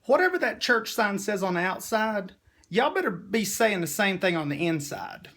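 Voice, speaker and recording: A man's voice: high voice, big pitch swings, normal speed, a bit bright. A man giving an emotional, preachy personal monologue to his viewers. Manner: emotional, preachy, Southern-style "y'all" talk. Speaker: vlogger.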